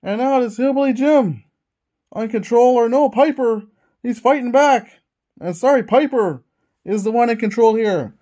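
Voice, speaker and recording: A man calling a tabletop wrestling game in the manner of an excited ring announcer, narrating each move as it happens. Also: extremely high pitch, normal speed. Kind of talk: wrestling play-by-play commentary.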